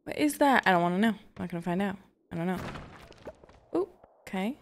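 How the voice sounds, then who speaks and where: A woman's voice: mid-range voice, lively intonation, fairly quick, slight background noise. A woman giving casual let's-play commentary, chatty and self-deprecating, with frequent exclamations. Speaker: gaming YouTuber. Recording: faint background game music.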